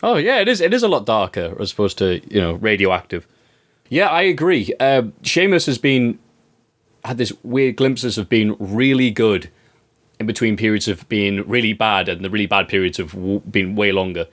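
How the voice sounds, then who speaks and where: A man co-hosting a wrestling review, chatting casually in an animated, ranting way and swearing freely. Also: on the low side, normal speed. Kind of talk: casual chat.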